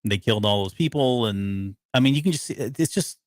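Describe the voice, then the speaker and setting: A man's voice: mid-range voice, animated, a little fast, no room sound. A man co-hosting a podcast, casually breaking down a TV episode in a rambling way with lots of restarts. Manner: rambling, frequent restarts and fillers. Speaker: podcast co-host.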